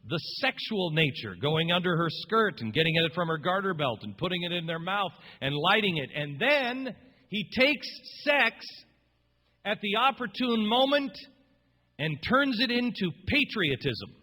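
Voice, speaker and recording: A man's voice: high-pitched, big pitch swings, measured pace, sharp tone. A man hosting a talk radio show, telling a story in an impassioned, rambling, emphatic way. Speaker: radio host. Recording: long reverb.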